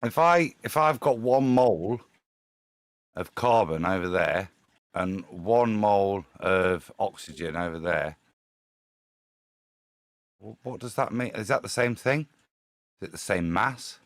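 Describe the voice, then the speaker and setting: A man's voice: fairly low pitch, animated, takes it slowly, pauses often, dry recording, studio quality. A man in a live stream discussion, reasoning aloud through questions and stumbling restarts.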